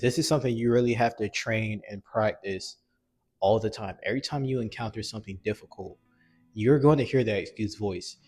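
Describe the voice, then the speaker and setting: A man giving a blunt, earnest motivational talk about self-discipline and weight loss, with frequent restarts, over soft music. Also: lowish voice, breathy edge. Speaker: fitness vlogger. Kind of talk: motivational monologue.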